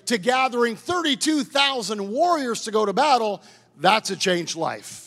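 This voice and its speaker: Pastor, middle-aged man, high gravelly voice, impassioned sermon, reverberant hall. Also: lively intonation, a little slow. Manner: impassioned preaching, building to loud declarations.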